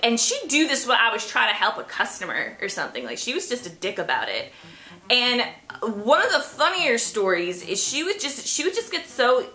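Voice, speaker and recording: A young woman telling retail stories to camera in a sarcastic, animated way, swearing freely. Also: a little high. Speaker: vlogger. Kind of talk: casual storytelling to camera. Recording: echoey room.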